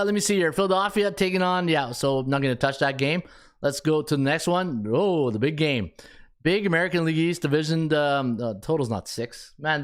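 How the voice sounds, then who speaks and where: Chatty Canadian man hosting a betting show. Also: a little high. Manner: chatty, thinks aloud, jokes with himself while working. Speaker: sports betting podcast host. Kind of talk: casual solo sports betting talk.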